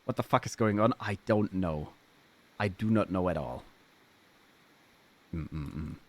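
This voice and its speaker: A man's voice: deep voice, takes it slowly. A man from Germany with a German accent, chatting casually with his live-stream audience, playful and swearing freely as he riffs on chat messages.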